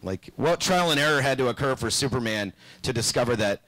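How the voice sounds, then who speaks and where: A young man doing a stand-up set on a small club stage, deadpan, then bursting into shouted voices. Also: mid-range voice, fairly quick, low-quality recording. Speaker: stand-up comedian.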